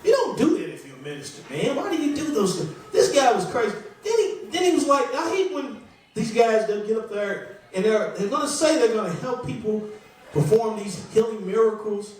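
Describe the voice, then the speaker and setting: This stand-up comic's high voice swings widely in pitch at a normal speed as he chats and rambles through a self-deprecating set in a small club. He's recorded from afar in an echoey space.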